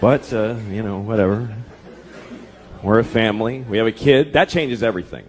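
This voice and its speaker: A man in his thirties doing a stand-up comedy set, ranting profanely and deadpan, acting out voices. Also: fairly low pitch, normal speed. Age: 30s. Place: comedy club stage before a live audience. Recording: live room with crowd laughter and noise. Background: audience laughter.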